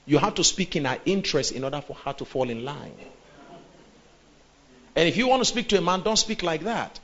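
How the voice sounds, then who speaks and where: A male pastor teaching a sermon on relationships, animated, acting out voices and checking in with his listeners. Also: on the high side, brisk, highs cut off. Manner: animated, acts out quoted voices, checks in with the audience.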